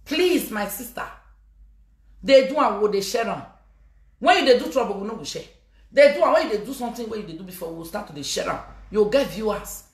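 A woman's voice: mid-range voice, expressive, fast. A woman with a Nigerian Pidgin English accent talking in a live-stream monologue, teasing her viewers, laughing and breaking into chants. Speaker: social media personality. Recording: echoey room.

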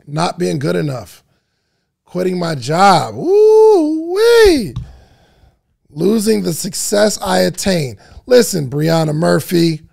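A man's voice: high-pitched, gravelly, a little mellow. A man hosting a live-stream podcast, reacting animatedly to the chat and stretching out his questions. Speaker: podcast host.

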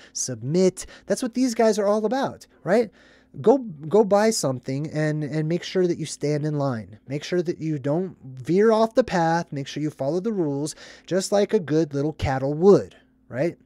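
A casual vlogger explains a movie in a loose, rambling way and keeps asking "right?". The voice sits at a middle pitch. The recording is dry and close, with almost no room sound. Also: dry recording. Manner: animated, rambling, acts out scenes in put-on voices. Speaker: movie commentary host. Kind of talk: casual movie breakdown commentary.

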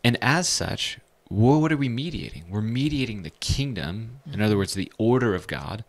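A man, a pastor, teaching the Bible in a casual, animated way with bits of slang. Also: on the low side, normal speed, gravelly.

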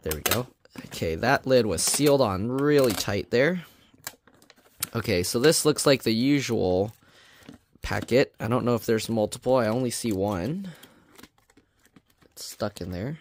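A man casually reviewing a food product on his vlog, reading the label aloud in a plain, even way with chatty asides. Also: medium pitch, unhurried, pauses often, a little hiss or hum.

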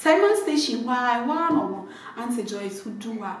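Ghanaian woman comic, high voice, going off in loud repeated bursts, really echoey room. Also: moderate pace, slight background noise. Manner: animated, repetitive, shouty bursts. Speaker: comedian. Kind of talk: comic rant mixing English and Twi.

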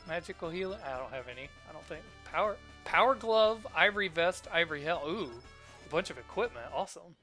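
A man's voice: fairly high pitch, expressive, a little fast, bright, forceful tone, faint music behind. A man hosting a let's play, thinking aloud and easily delighted as he plays. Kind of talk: casual gameplay commentary.

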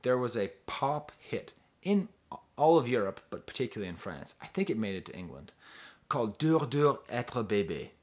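A man's voice: very animated, moderate pace. A man casually reviewing an album, rambling, interrupting himself and trailing off as he thinks aloud. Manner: rambling, self-interrupting, sings snippets in falsetto. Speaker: music reviewer.

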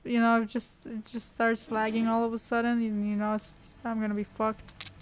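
A woman's voice: fairly high pitch, unhurried, fairly bright tone. A young woman giving casual horror gameplay commentary, joking, sarcastic and swearing freely. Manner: swears a lot, jokey and sarcastic. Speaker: let's play gamer.

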